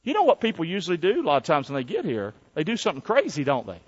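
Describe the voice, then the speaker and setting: A man's voice: fairly high pitch, wildly swooping pitch, racing, slightly rough, highs cut off. A male pastor preaching a sermon and calling for responses from the congregation.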